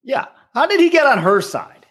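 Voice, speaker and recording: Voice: high-pitched, sing-song, normal speed, a bit bright. A podcast co-host chatting indignantly about a reality show. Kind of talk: casual chat, reality TV recap.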